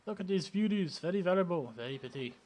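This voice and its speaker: A man's voice: high voice, expressive, fast, a little mellow, voice pushed up. A man voicing a pushy middle-aged male street vendor in a put-on Indian accent, wheedling and grumbling. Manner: wheedling sales patter, wistful grumbling.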